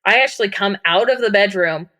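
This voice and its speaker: A woman's voice: mid-range voice, brisk, sharp tone. A young woman guest on a podcast, candidly recounting a personal story in a casual way with many fillers.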